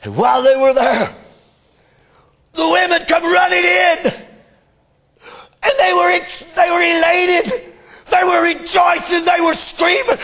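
A male preacher delivering a sermon in a very high voice with a slow, drawn-out pace. His delivery is fervent, climbing again and again into shouts. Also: steady tone, vocal fry, a faint crowd.

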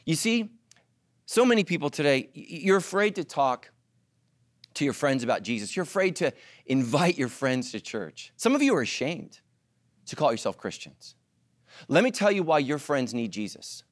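Animated preaching man, lively pitch. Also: moderate pace, no room sound, studio quality. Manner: animated, joking asides to the congregation. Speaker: pastor. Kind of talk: sermon.

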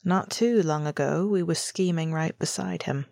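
A woman voicing a young man, a loyal friend, who speaks soft and careful with light teasing. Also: deep voice, moderate pace. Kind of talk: audiobook character reading.

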